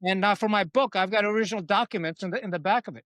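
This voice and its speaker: A man in a podcast interview, telling frank stories in a blunt, salty, animated way. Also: sits high, racing, dry recording. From Pakistan. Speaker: podcast guest, retired Marine officer. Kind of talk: candid conversational storytelling.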